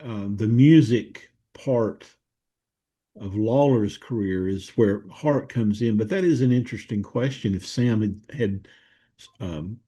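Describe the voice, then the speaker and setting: A man co-hosting a casual podcast, thinking aloud with many pauses and restarts. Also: on the low side, dark tone, slightly rough. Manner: thoughtful, hesitant, many fillers and restarts. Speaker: co-host of a wrestling history show.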